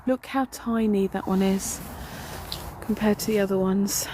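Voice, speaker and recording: A woman's voice: mid-range voice, fairly even intonation, measured pace, noisy background. A woman walking through a graveyard, telling a rambling ghost story in a casual vlog with lots of fillers. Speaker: paranormal vlogger. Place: outdoors in a graveyard.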